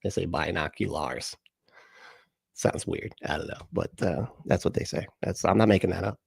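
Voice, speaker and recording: A man's voice: deep voice, fairly quick, creaky, a little mellow, slightly rough, dry recording. A man hosting a livestream, reacting in casual, sarcastic commentary with plenty of swearing and rambling asides. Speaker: livestream host.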